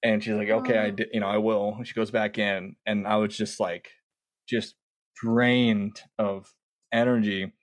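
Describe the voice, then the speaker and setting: A man casually telling a long story, animated and quoting himself often with words like "dude". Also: on the low side, measured pace, no echo. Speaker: podcast guest.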